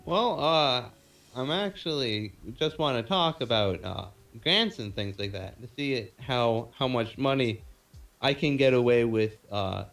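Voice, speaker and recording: A man's voice: mid-range voice, animated, unhurried, a bit bright, soft background music. Hesitant, stammering male player. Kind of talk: tabletop role-play.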